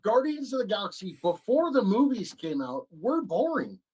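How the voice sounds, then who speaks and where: A man co-hosts a relaxed comic-book show and hesitates as he searches for words. His pitch moves widely between phrases. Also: normal speed, breathy edge, poor audio. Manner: hesitant, lots of ums. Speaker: podcast co-host. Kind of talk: casual comic-book chat.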